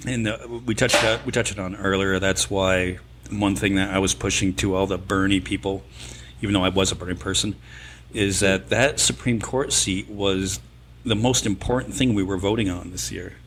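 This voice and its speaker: A man's voice: sits low, fairly even intonation, normal speed, a bit bright, a little hiss or hum. A man co-hosting a casual podcast chat, easygoing and supportive of his guest. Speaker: podcast co-host.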